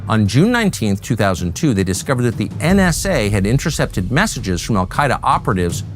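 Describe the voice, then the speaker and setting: A man giving scripted documentary narration in a measured, pointed delivery. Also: lowish voice, sing-song, soft background music.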